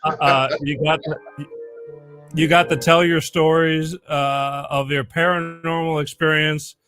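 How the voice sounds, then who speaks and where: A man's voice: a little high, flat delivery, measured pace, fairly bright tone, faint music behind. A middle-aged man hosting a podcast, chatting casually and rambling a bit. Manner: rambling, self-interrupting. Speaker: podcast host. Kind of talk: casual chat, telling a joke.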